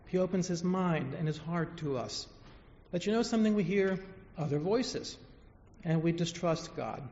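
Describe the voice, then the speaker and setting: A man preaching a sermon, telling stories emphatically and letting phrases fall soft at the end, then leading a prayer. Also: sits high. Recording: echoey hall, dull lo-fi sound.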